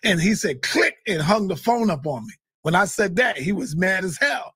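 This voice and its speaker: A man telling a heated, profane story in casual talk, often shouting. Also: high voice, expressive, moderate pace, breathy edge. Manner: swears a lot, heated. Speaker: guest. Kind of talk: animated storytelling.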